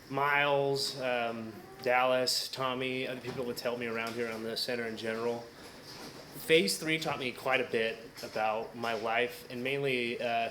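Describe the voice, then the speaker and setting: A man's voice: mid-range voice, background noise. A man graduating from a program, giving a candid, reflective personal speech at a ceremony.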